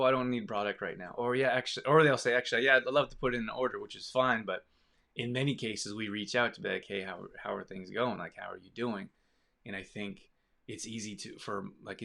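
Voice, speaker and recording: Gravelly-voiced man rambling to camera. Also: lowish voice. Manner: rambling, many restarts, animated asides. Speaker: business owner. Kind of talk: casual rambling talk to camera.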